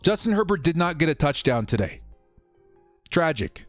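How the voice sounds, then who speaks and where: A young man talks casually to his live-stream viewers, reading their comments aloud and laughing often. His voice sits a little high and swings animatedly in pitch. The mic is close and dry, with faint background music. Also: sing-song, normal speed, no room sound.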